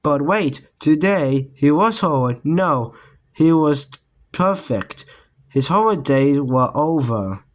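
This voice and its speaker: A man reading a children's book aloud in a slow, careful way. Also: a little high, lively intonation. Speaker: reader.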